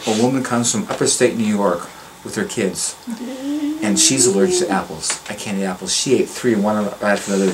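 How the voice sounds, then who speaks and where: Enthusiastic older man, noisy garden. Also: mid-range voice. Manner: enthusiastic, preachy, repeats and restarts. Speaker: gardener giving a tour. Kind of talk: casual storytelling. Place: outdoor garden.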